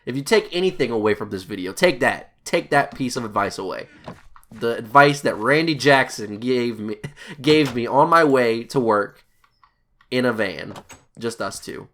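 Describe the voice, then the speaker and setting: A man's voice: medium pitch, expressive, normal speed, a bit bright, a little hiss or hum. A young man telling a rambling, profane story in casual chat while playing a video game. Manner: rambling, swearing, laughing asides. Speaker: gaming YouTuber.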